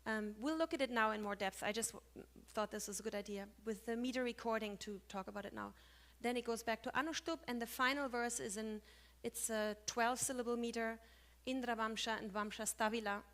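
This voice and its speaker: A woman's voice: on the high side, fairly even intonation, fairly quick, a bit bright. Woman lecturing on Sanskrit meter. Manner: chatty, with self-corrections, hums meter rhythms. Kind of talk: conference talk on Sanskrit meter.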